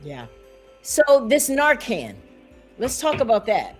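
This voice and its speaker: A woman's voice: on the high side, huge pitch swings, slow pace, slightly rough, faint music behind. Probing woman talk show host. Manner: probing, presses with follow-up questions. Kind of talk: interviewing a guest.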